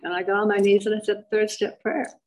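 An older woman giving a personal recovery testimony as a meeting speaker, telling her story with animated emphasis and repeated phrases. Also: medium pitch, quick pace, poor audio.

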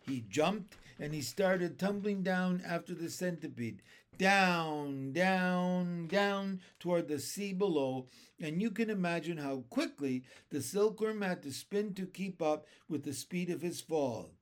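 A man's voice: high-pitched, expressive, unhurried. A man reading a children's novel aloud, lifting his voice for the characters' cries. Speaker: reader.

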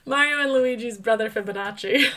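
Playful high-voiced woman co-host. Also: pushed and bright. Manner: playful and goofy, quick to joke. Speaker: podcast co-host. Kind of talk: casual chat.

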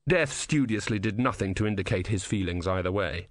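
Expressive male audiobook narrator. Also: lowish voice, brisk, dry recording, clean studio sound. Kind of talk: scripted narration.

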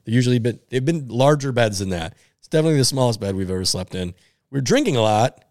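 A man's voice: mid-range voice, lively intonation, fast, darkish tone, no room sound, clean studio sound. A man telling a funny story in a casual podcast chat, laid back and laughing between lines.

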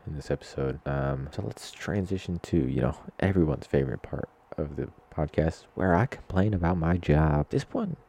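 A young podcast host with a very deep voice that has a gravelly texture. His tone is dark and mellow. He rambles casually and pokes fun at himself, and he gets animated when he tells a story. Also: normal speed, hardly any pauses. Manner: rambling, self-deprecating, animated when telling stories.

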